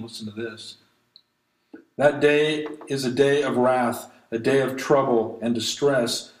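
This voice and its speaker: A man's voice: mid-range voice, echoey room, poor audio. A man preaching a sermon, reading scripture aloud and pleading earnestly with his listeners. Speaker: pastor.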